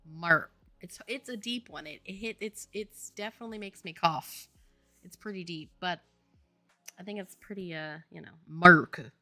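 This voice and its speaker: A woman's voice: medium pitch, normal speed, fairly bright tone, no room sound, soft background music. A woman from Louisiana, a game developer chatting casually on a stream, rambling and laughing often. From Louisiana, US Southern. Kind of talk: casual chat on a dev stream.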